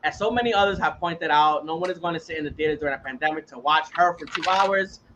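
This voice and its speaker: A man's voice: fairly high pitch, fast talker, a crowd in the background, poor audio. A man hosting a casual podcast chat, ranting heatedly and swearing freely. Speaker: podcast host.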